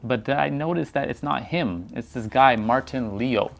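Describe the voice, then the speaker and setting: A man's voice: medium pitch, unhurried, creaky, dull audio. A man narrating a personal story in a casual, slangy way, acting out bits of dialogue as he goes.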